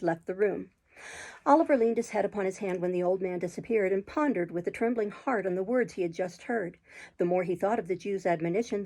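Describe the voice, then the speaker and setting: Gravelly-voiced woman reading a story aloud. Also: medium pitch, poor audio. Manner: steady, measured storytelling. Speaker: audiobook reader, channel host. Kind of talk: audiobook reading.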